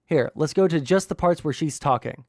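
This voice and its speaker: A man's voice: on the high side, moderate pace, a little mellow, no echo, studio quality. A young man streaming live, arguing with his chat in an exasperated, rambling way full of fillers and restarts. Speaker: livestream political commentator. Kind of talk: casual livestream rant reading chat.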